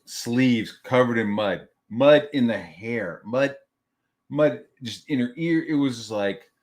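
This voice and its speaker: A man hosting a livestream show, casually telling stories about being a father, swearing freely and restarting his sentences. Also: medium pitch. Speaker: father of young daughters.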